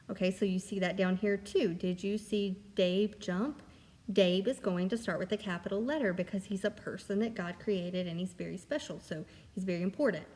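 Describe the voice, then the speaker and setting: A kindergarten teacher, a woman, giving a recorded lesson to young children in a gentle, encouraging way. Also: medium pitch, long reverb tail.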